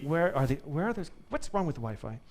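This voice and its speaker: A man's voice: fairly high pitch, brisk, slight background noise. Upbeat man giving a tech talk. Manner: upbeat, joking, lively. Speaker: conference speaker. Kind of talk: live tech talk with audience.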